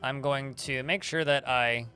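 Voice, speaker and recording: A man's voice: medium pitch, steady tone, a little slow, sharp tone, soft background music. A man streaming a video game, reading the combat log aloud with many fillers and restarts while chatting with viewers. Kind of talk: livestream gameplay commentary.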